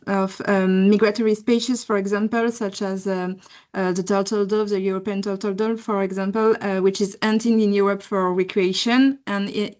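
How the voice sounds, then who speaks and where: A woman with a French accent asking a question on a video call, halting and searching for words. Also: mid-range voice, darkish tone.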